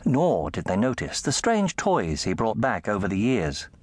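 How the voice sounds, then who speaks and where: A man narrating a children's fantasy audiobook in an animated storytelling manner. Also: unhurried, breathy edge, dry recording. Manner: animated storytelling, shifting pitch for effect. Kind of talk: scripted narration. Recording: dry close studio sound.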